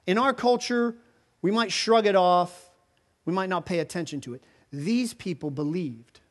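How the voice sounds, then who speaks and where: High-voiced man preaching animatedly. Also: normal speed. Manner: animated storytelling, voicing characters in quotes; casual with filler words. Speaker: pastor. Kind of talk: sermon.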